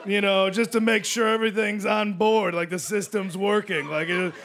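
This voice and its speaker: A man in his late thirties doing a rambling, self-deprecating stand-up set on a studio stage, swinging between loud bursts and mumbled asides. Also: high voice, fairly even intonation, moderate pace, a little hiss or hum. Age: 30s. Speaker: stand-up comedian. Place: television studio stage with live audience.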